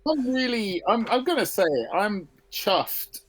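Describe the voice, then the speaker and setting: Upbeat man co-host, casual chat, fairly high voice, lively pitch. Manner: upbeat, chuffed, quick asides. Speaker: writer and showrunner co-host.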